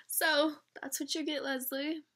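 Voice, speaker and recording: A woman's voice: high-pitched, unhurried, sharp tone. A teenage girl vlogger chatting on a prank call, gushing and full of "like" and "oh my god". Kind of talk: casual phone chat.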